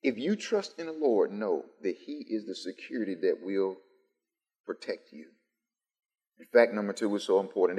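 A man's voice: low voice, darkish tone. A man preaching a sermon to a live congregation, building through emphatic repetition. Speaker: pastor. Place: church sanctuary, live-streamed. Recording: long church reverb.

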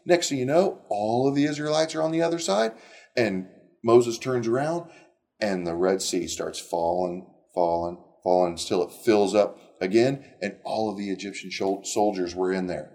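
Man, middle-aged, gravelly voice, casual Bible storytelling, animated, conversational. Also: lowish voice, normal speed. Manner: animated, conversational, with frequent restarts. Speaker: Bible teacher.

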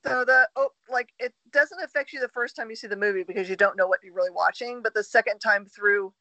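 A woman's voice: fairly high pitch, fast, bright, forceful tone, no echo, lo-fi sound. A woman co-hosting a podcast, chatting casually and earnestly about what moves her. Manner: earnest, reflective, talks through her feelings. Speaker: podcast co-host. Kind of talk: casual chat.

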